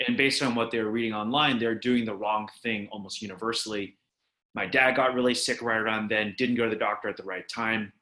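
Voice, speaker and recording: A man in his thirties, a company founder, explaining his product quickly and fluently in a video call interview with frequent restarts. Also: fairly low pitch, fairly even intonation, bright, forceful tone, reverberant. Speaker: startup founder and CEO.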